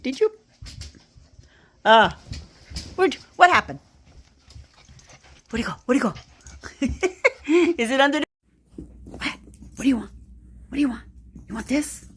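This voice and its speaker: High, lively woman teasing her dog. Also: a little slow, long pauses, husky. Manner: teasing, playful coaxing. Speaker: dog owner. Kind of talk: casual talk to a pet.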